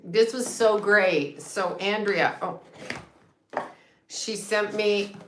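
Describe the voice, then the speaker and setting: A woman hosting a casual livestream from home, chatty and excitable, swearing freely and laughing often. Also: medium pitch, extremely slow. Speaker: psychic medium and astrologer livestream host. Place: home room with a set. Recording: echoey room with faint noise.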